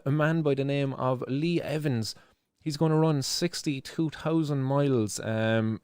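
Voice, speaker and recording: A man's voice: a little high, a little mellow, dry recording, clean studio sound. An Irish man hosting a live news show, giving impassioned, emotional commentary, swearing freely and repeating himself as he presses his point.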